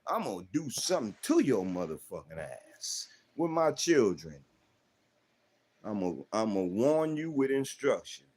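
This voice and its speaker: Big pitch swings mark this mid-range male voice, which moves at normal speed. The speaker, a livestream host from South Central Los Angeles, rants at his chat in AAVE, swearing, confronting, and asking rhetorical questions.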